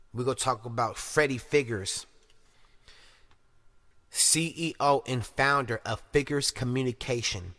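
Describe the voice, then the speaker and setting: Bright-voiced profane podcast host. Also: male voice, medium pitch. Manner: loud, swearing rants with shouted put-on voices. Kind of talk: profane casual monologue.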